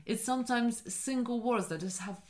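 A woman in casual conversation, lively and chatty, telling an anecdote with quick asides. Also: fairly high pitch. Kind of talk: casual chat.

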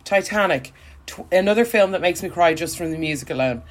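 A woman's voice: fairly low pitch, lively intonation, a little fast. A young woman, co-hosting a casual chat, talking with lots of fillers and frequent laughs. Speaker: podcast co-host.

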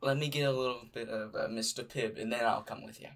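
A man's voice: medium pitch, steady tone, fast talker, vocal fry, fairly bright tone. A man playing a tabletop game, speaking in character in a brash, casual way. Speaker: player.

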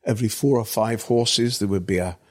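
An older man from Britain with a husky, somewhat low voice, recounting stories from his film work. He rambles as he goes and leans on "you know" to keep the thread. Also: a little fast. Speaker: actor guest. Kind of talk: anecdotal storytelling.

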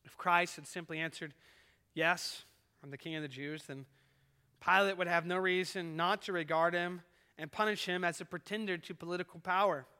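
A man's voice: high-pitched, steady tone, normal speed, pushed and bright, clean tone. A man preaching a sermon as pastor, earnest and swelling and dropping in volume as he retells a scene. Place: church sanctuary. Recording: echoey church hall.

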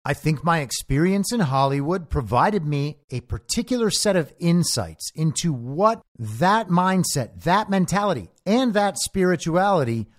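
A man's voice: a little slow, few pauses. A man hosting a podcast, delivering a sarcastic political commentary monologue. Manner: animated and sarcastic, with lively shifts in pitch. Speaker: podcast host.

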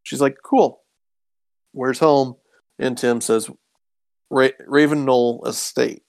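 A man's voice: mid-range voice, steady tone, slow, gravelly, a little mellow, no room sound. A man casually recapping an episode, rambling with ums and acting out quoted lines. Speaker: podcast co-host recapping a show. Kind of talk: casual chat.

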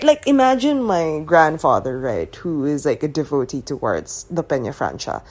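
A woman hosting a spiritual podcast speaks in an unhurried, slightly low voice. Her delivery is loose and meandering, full of fillers and asides. She swears casually and laughs between points. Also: a little mellow. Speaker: podcast host.

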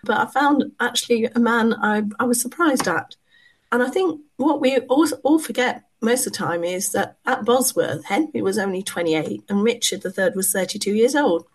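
A hoarse woman historian, a podcast guest, answering in an earnest, explanatory way. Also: on the high side, moderate pace. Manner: earnest, explanatory, with small laughs. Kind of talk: interview answers.

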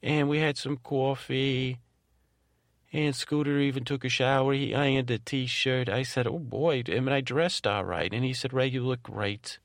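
A rambling, sentimental grown man who loses his train of thought, repeats himself and trails off in a slightly gravelly, middle-pitched voice, as a man puts him on. It is a drowsy bedtime monologue, recorded close and dry. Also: fairly even intonation, a little slow, dry recording, natural voice. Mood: tender. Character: rambling, tenderhearted adult man named Ray. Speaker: podcast host in character.

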